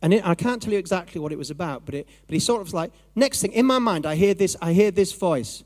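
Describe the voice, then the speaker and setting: Animated, conversational male preacher. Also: high-pitched, quick pace. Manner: animated, conversational, acts out inner voices. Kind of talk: sermon.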